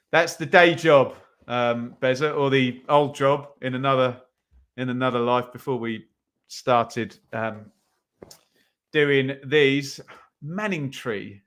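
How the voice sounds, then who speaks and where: A man's voice: medium pitch, slow pace, long pauses, a bit bright. A young man hosting a live football watch-along stream, chatting with viewers, reading out their comments and often saying um. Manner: chatty, reads out chat comments, many ums.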